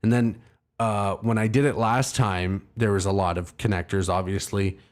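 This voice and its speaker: A man with a lowish, steady voice hosts a livestream at a moderate pace. He tells his chat a long, rambling story, profane and self-mocking, in a casual storytelling mode.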